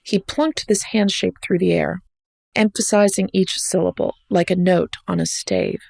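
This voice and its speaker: American woman reading her travel essay, super gravelly fry, dry close sound, wry and reflective. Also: on the low side, steady tone, moderate pace, darkish tone, no room sound. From United States. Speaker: podcast host and essay narrator.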